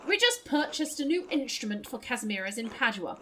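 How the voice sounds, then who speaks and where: Lady voicing a posh courteous man musician in a story game, formal, high-pitched. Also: sing-song, extremely slow, sharp tone, a little hiss or hum, full character voice, low-quality recording.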